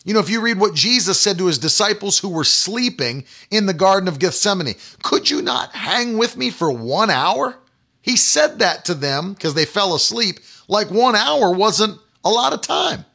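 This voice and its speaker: A man's voice: high-pitched, very animated, normal speed, gravelly, pushed and bright. A man preaching a sermon, emphatic and repetitive, driving points home with rhetorical questions. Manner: emphatic, repetitive call-and-response phrasing.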